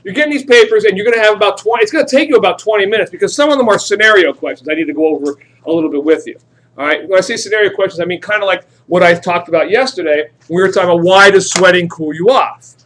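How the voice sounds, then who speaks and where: A man's voice: sits high, rapid-fire. A man teaching a chemistry class, lecturing and joking with students during a demonstration in a classroom. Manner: animated, joking, talks to students directly.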